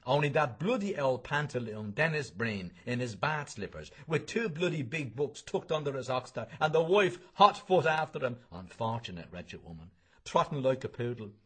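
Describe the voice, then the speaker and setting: A man reading a novel aloud as a gossipy pub storyteller. His voice is husky and mid-pitched, with a lively, animated intonation. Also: normal speed. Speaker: reader.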